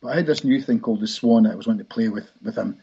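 A man's voice: on the low side, rapid-fire, dark tone, husky. A man, a hypnotist guest telling rambling anecdotes in a podcast interview. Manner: rambling anecdotal, frequent restarts. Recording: dull lo-fi recording.

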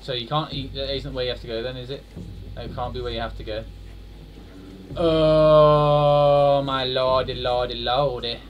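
A young man commentating on his own horror-game playthrough, muttering and swearing, then bursting into loud shouts. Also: medium pitch, steady tone, measured pace, a little hiss or hum. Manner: swears a lot, swings from muttering to loud outbursts. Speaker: gaming streamer. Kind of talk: let's play commentary.

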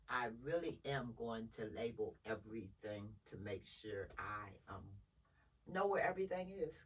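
An older woman who vlogs, a great-grandmother, rambles casually to viewers from her home, emotional and flitting between topics. Her voice is extremely low in pitch and slightly rough, and the camera recording her is close by.

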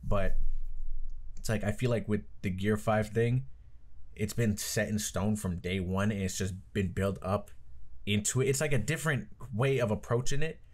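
A man's voice: fairly low pitch, normal speed, a little mellow. A man hosting an anime reaction video, talking casually in a rambling, profane way, heavy on "like" and "I don't know.". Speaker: anime reaction channel host.

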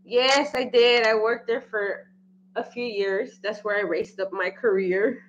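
A woman's voice: medium pitch, steady tone, measured pace, muffled recording, slight background noise. A woman talking frankly as a guest on a casual livestream, laughing easily and swearing now and then.

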